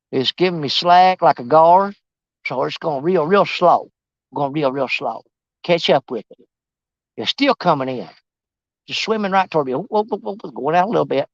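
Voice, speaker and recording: A man's voice: on the high side, no echo, muffled recording. A man, chatting casually and jokingly while fishing on a riverbank. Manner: folksy, joking, rambling. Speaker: fishing vlogger. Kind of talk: casual outdoor fishing commentary. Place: outdoors on a riverbank.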